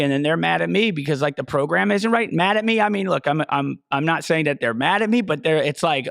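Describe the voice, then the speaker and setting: A man's voice: on the high side, fairly quick, gravelly, fairly bright tone, dry recording, clean studio sound. A man hosting a podcast, a personal trainer ranting bluntly and profanely with lots of fillers. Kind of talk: profane solo rant.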